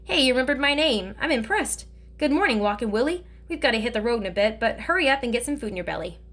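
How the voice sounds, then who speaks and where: A woman reading aloud, voicing a teasing older man in a storybook, with her voice raised a little above her usual pitch. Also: expressive, fast, fairly bright tone. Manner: teasing, joking drawl.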